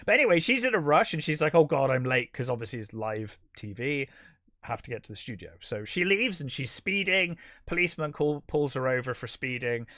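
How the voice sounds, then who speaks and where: A man's voice: a little high, sing-song, a little fast, bright, forceful tone, dry recording, clean studio sound. A man co-hosting a podcast, recapping a film plot in casual chat, rambling with many fillers and restarts. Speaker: podcast co-host.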